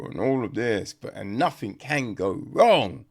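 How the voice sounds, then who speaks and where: A man's voice: mid-range voice, expressive, measured pace, few pauses. A man reviewing a film on a podcast in casual, rambling chat, blunt and swearing now and then, forever checking in with "right?". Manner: rambling, conversational, peppered with "right?" and "you know".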